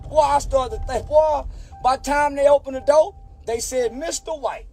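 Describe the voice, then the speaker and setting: High-voiced man telling a story. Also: moderate pace, warm tone. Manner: drawling, profane, switches into other people's voices. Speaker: storyteller in a played clip. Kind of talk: animated anecdote with acted-out dialogue.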